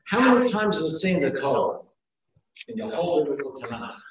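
A man's voice: fairly high pitch, big pitch swings, brisk. A man teaching a class, counting off numbered points and repeating key phrases for emphasis. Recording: echoey room, far from mic, dull sound.

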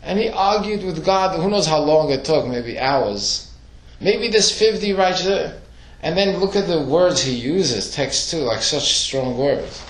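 A man's voice: a little high, unhurried. Guy teaching a class, asks a lot of questions, acts out the quotes, echoey room. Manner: questioning, animated storytelling with acted quotes. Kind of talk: classroom Torah lesson.

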